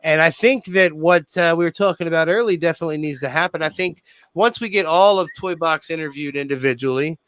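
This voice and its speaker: A man's voice: on the high side, fairly quick, fairly bright tone, smooth, no room sound, rough recording. A man hosting a podcast, effusively thanking his guest in casual chat. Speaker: podcast host.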